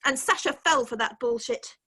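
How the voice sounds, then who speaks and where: A woman's voice: high-pitched, normal speed, bright, forceful tone, slightly rough, heavily acted. A woman voicing a mocking female interrogator in an online script reading, taunting and probing. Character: mocking female interrogator, mother-daughter-holy-spirit figure. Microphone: video call mic.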